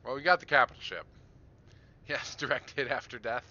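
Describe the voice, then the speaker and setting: A man's voice: medium pitch, steady tone, a little fast, pushed and bright, dull audio. A man streaming a game live, commenting casually as he plays, chatting to viewers and chuckling often. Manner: chuckles often, chats to viewers while playing.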